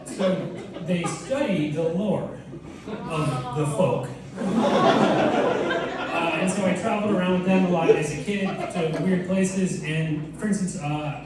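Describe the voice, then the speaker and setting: A young man performing a stand-up comedy set in a loose, playful way, slipping in quick put-on voices. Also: a little high. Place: comedy club stage with audience laughter. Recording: roomy, distant club recording with loud room noise.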